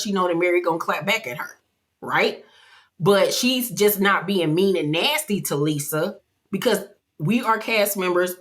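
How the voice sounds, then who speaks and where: A woman giving a casual, animated, gossipy episode recap. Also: on the low side. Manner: animated, gossipy storytelling, acts out quotes. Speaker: vlogger.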